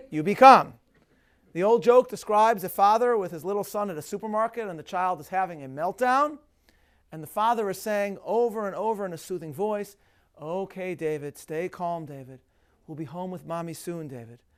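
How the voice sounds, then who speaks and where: High-voiced man giving a measured lecture. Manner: measured, emphatic delivery with Hebrew terms. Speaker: rabbi. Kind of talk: scripted lecture on a religious festival.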